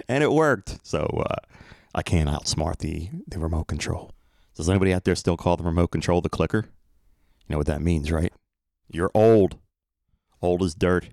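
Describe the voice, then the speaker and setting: A man's voice: low-pitched, moderate pace, vocal fry, a little mellow, no echo, clean studio sound. A middle-aged man hosting his podcast alone, rambling in a playful, self-mocking way. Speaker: podcast host. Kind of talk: casual solo podcast monologue.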